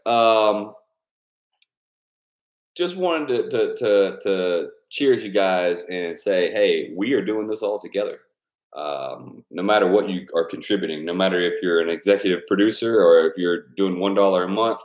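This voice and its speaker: A man's voice: on the low side, darkish tone. Loose, profane man in an echoey room. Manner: loose, profane and rambling, laughing often. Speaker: YouTube creator thanking patrons. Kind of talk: casual live chat with supporters.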